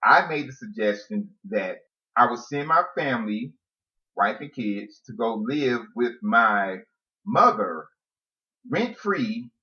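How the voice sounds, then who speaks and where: A man's voice: mid-range voice, expressive, takes it slowly, pushed and bright. Man, casual couple's chat, laughs a lot, lays out points one by one, muffled lo-fi sound. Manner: laughs often, explains points step by step. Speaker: podcast co-host. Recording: dull lo-fi audio.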